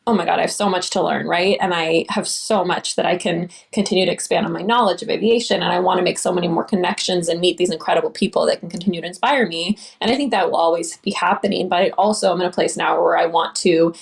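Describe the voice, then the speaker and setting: A woman's voice: lowish voice, fast talker, vocal fry, few pauses. A young woman pilot giving an earnest, enthusiastic interview answer, often restarting her sentences. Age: young adult.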